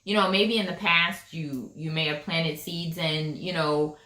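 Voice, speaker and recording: A chatty woman gives a casual tarot reading, repeating her points and checking in with the listener. Her voice sits a little low. The room around her is echoey. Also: steady tone, a little slow, sharp tone. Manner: chatty, emphatic, repeats phrases, frequent "right?". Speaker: tarot reader.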